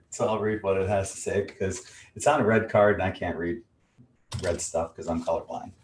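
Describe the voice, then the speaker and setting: A man in his sixties with a lowish voice reads oracle card messages aloud at an unhurried pace, with playful asides between passages. He sits back from the microphone, so the sound is distant and bounces around the room. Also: steady tone, roomy sound, a little hiss or hum. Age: 60s. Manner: slow, deliberate reading broken by chuckles and jokey asides. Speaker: host reading oracle cards.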